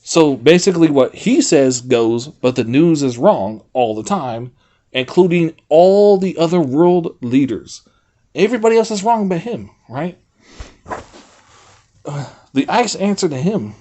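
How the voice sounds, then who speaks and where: A man with a fairly high-pitched voice talks slowly while casually livestreaming to his viewers. He rambles, reads a website aloud, and chats with his audience, swearing freely in animated outbursts.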